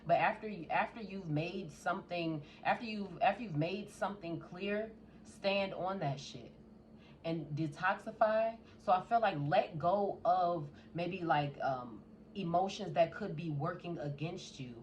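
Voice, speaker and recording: A woman's voice: on the low side, measured pace, a little hiss or hum. Blunt, profane woman tarot reader. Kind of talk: casual tarot reading.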